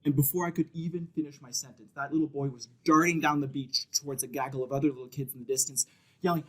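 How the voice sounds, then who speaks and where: A man's voice: medium pitch, fairly even intonation, fast talker, poor audio. A man in his thirties telling a vivid personal story on stage, acting out the voices of the people in it. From Canada. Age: 30s. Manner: vivid storytelling, shouts out quoted children.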